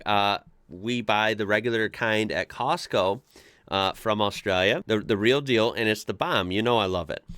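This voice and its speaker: Reading posts aloud and reacting with amused asides, this American commentary-show host keeps things casual and chatty. His voice is fairly low yet fairly bright, clear and resonant, with studio-quality sound and no room noise.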